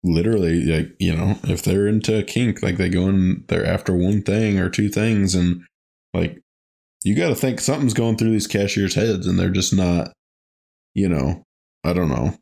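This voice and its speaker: A man's voice: sits low, moderate pace, creaky, warm tone, slightly rough. A man co-hosting a podcast, chatting casually, laughing often and joking crudely. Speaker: podcast co-host. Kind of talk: casual chat.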